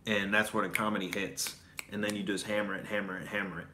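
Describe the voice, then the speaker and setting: This Oklahoma stand-up talks fast in a lowish, level voice against a noisy background. His casual chat is profane and loose, heavy on fillers, with laughter between stories.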